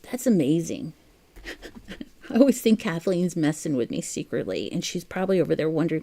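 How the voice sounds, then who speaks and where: A woman's voice: on the low side, huge pitch swings, moderate pace, gravelly, warm tone. Chatty woman hosting a crochet livestream. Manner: chatty and easily amused, muses aloud. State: has the hiccups. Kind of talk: casual chat while crocheting, reading viewer comments.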